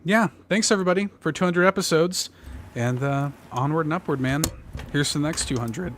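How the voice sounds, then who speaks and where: A man hosting a casual gaming podcast, chatty and quick to laugh. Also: a little high, a bit bright. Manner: laughs often, loose and chatty. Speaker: podcast host. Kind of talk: casual chat.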